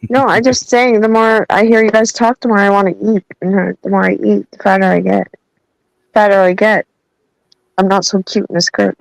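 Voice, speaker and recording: A woman's voice: medium pitch, fairly even intonation, normal speed, creaky, no echo, rough recording. A woman taking part in a casual group chat, bantering in a playful, teasing way. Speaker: chat participant.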